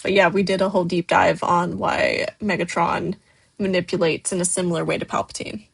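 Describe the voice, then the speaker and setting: Gravelly, husky woman chatting on a livestream. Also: fairly low pitch, little pitch movement, brisk. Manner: reads chat messages aloud and answers them; loose, with many fillers. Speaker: stop-motion creator hosting a livestream. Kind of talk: casual livestream chat.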